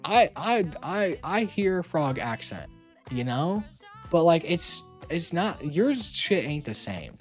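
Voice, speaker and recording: Streamer rambling on a call, teasing, voice bouncing up and down, soft music behind. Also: medium pitch, big pitch swings, takes it slowly. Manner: rambling, playful teasing, frequent filler words. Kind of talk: casual chat on a call while streaming.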